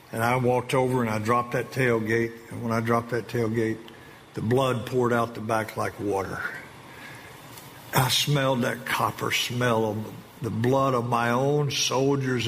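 A man giving an emotional personal testimony to an audience, earnest and halting, with slow emphatic phrases. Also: medium pitch, fairly even intonation, a bit bright. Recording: long reverb of a large hall with faint ambient noise.

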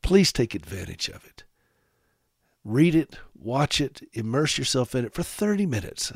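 A man from South Carolina hosting a radio talk show, speaking straight to his listeners with sarcastic, animated humor. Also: mid-range voice, unhurried, vocal fry, slightly rough, no echo, clean studio sound. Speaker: radio host.

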